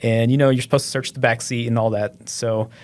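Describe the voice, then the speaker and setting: A man's voice: mid-range voice, level tone, a little fast, darkish tone. A police officer in his thirties, a podcast guest, telling stories in a laid-back, self-deprecating way with lots of fillers. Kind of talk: casual storytelling.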